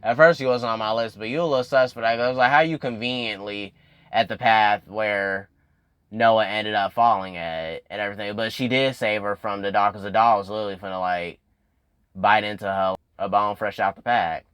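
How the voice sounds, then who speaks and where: A young man casually recapping a TV episode, addressing viewers directly and getting animated as he goes. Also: normal speed, clean tone, no room sound. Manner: animated, addresses viewers as y'all, swings up in pitch when excited. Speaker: YouTube recap host.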